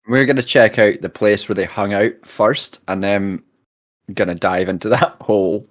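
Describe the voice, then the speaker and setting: A man's voice: fairly low pitch, moderate pace. An English man playing a tabletop game, making dry, brief remarks. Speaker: player. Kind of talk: casual tabletop role-play.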